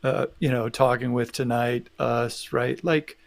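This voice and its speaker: A man's voice: medium pitch, steady tone, unhurried, creaky. A man co-hosting a live talk show, speaking thoughtfully and often checking in with "right?". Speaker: podcast co-host. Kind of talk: casual live discussion.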